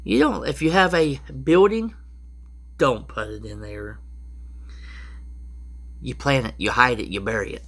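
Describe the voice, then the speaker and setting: A man with a drawl talks slowly through prepper advice in an easygoing, rambling way. His pitch sits in an ordinary middle range, and he keeps stopping to restart or tack on an aside. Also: gravelly, fairly bright tone. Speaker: prepper vlogger. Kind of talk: casual rambling how-to talk.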